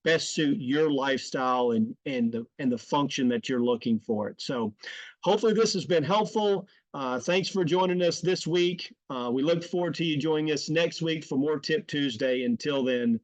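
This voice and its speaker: A man's voice: fairly high pitch, moderate pace, no echo, low-quality recording. A man giving casual kitchen design tips to camera, friendly and full of fillers and restarted phrases. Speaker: home builder presenting design tips. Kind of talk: casual instructional talk to camera.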